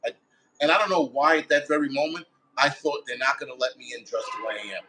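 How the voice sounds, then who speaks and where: A man's voice: mid-range voice, fast talker, sharp tone, slight background noise, rough recording. A man, a firefighter guest, telling a story in a blunt, casual way with heavy swearing, acting out his own quoted thoughts. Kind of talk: casual first-person storytelling.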